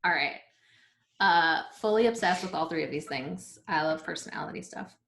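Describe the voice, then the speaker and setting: A woman in her thirties, the host of a vlog, is interviewed and chats casually about herself. Her low voice is gravelly and a bit bright at a moderate pace, and she giggles and trails off with lots of filler words in a roomy echo.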